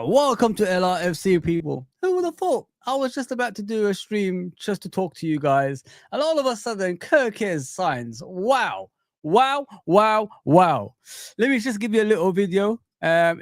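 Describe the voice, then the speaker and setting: Young guy on a fan stream, kinda high voice, dry close sound, all hyped up saying stuff twice. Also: no echo. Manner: hyped, exclamatory, repeats words for emphasis. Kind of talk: excited live-stream chat.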